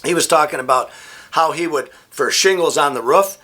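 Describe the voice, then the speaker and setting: Middle-aged man, rambling chatty vlogger, bright and a bit high-pitched. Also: normal speed. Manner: rambling, animated anecdotes with frequent restarts. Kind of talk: casual storytelling.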